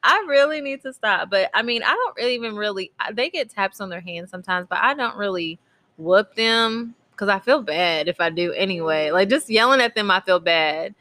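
A woman's voice: mid-range voice, animated, fairly quick, pushed and bright. A woman, chatting candidly as a podcast co-host and telling stories with a laugh. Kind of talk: casual chat.

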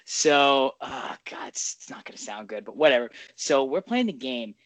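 A man's voice: mid-range voice, animated, moderate pace, a bit bright. A man hosting a podcast in casual chat, rambling along, swearing freely and laughing often. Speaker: podcast host.

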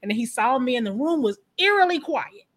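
A woman guest, a company founder and coach, chatting casually and telling animated personal stories. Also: high voice, brisk. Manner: animated, emphatic storyteller.

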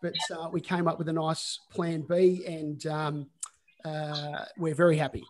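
A man's voice: a little high, flat delivery, slow, a little mellow. A man hosting a casual video-call podcast, chatty and full of fillers. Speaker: podcast host.

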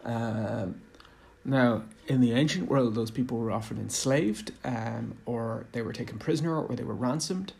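A man's voice: mid-range voice, normal speed, gravelly, darkish tone. A man giving a rambling casual monologue on running tabletop games, hesitant with many fillers and restarts. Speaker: tabletop game commentator.

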